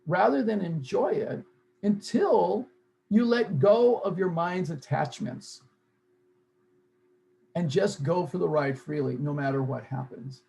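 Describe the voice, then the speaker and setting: A man's voice: fairly high pitch, creaky, darkish tone, a little hiss or hum, poor audio. A man leading a self-help seminar, earnest and repeating key phrases for emphasis. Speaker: seminar leader.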